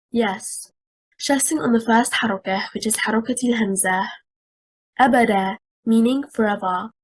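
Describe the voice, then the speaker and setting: Husky-voiced woman teaching Quranic stress. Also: fairly high pitch, poor audio. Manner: measured, deliberate, repeats example words with shifting stress. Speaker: Quran recitation trainer. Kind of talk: scripted lecture on Quranic stress.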